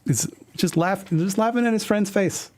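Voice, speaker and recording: Rambling man with a higher voice. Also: normal speed, a little mellow. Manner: rambling, self-mocking, many fillers and restarts. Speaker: streamer host. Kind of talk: casual commentary while reading a comic aloud.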